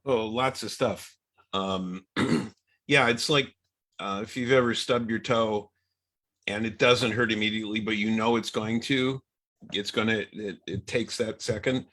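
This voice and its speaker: Low-voiced man, hesitant panel coach. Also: fairly even intonation, unhurried, a bit bright. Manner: hesitant, many fillers while gathering thoughts. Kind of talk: panel discussion.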